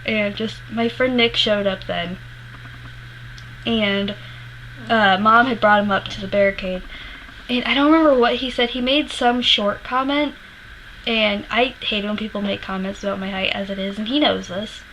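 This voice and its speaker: A woman's voice: medium pitch, steady tone, normal speed, fairly bright tone, a little hiss or hum, poor audio. A woman vlogger animatedly retelling a personal story to camera, swearing freely and laughing as she goes, emotional while she remembers it.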